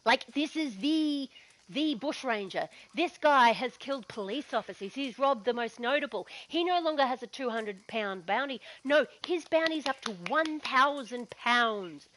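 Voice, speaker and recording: A woman's voice: sits high, fairly bright tone, poor audio. Aussie woman doing a pushy young nurse, urgent, won't back down. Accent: Australian. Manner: urgent, insistent.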